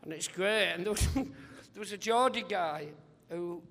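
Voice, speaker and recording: A male comedian guest on a live podcast interview, telling rambling, animated anecdotes and acting out other people's voices. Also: high voice, measured pace, long reverb tail.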